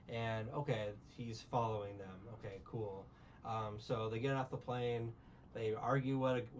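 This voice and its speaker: A man's voice: mid-range voice, distant mic, slight background noise. A man recapping a film in casual chat, rambling and sarcastic, with many restarts. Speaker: podcast co-host recapping a film.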